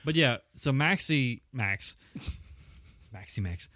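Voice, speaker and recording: A man with a mid-pitched voice and lively intonation recapping a film on a podcast. He swears freely and sounds exasperated at the characters. The recording is close and dry. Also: slow, dry recording. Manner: swearing, exasperated, laughing retelling of scenes. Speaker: podcast co-host. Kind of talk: casual film-review chat.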